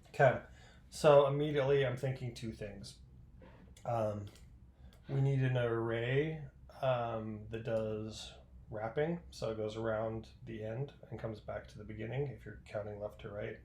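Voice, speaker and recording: A man with a sore throat and a cough drop in his mouth, chatting his way through a coding puzzle, reading the text aloud and thinking out loud. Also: medium pitch, fairly even intonation, measured pace. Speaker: coding tutorial host. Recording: echoey room, faint background noise.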